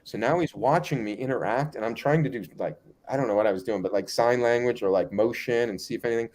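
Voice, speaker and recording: A man telling a long anecdote as a guest in a casual interview, animated and acting out other people's lines. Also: medium pitch, fast talker. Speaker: guest storyteller.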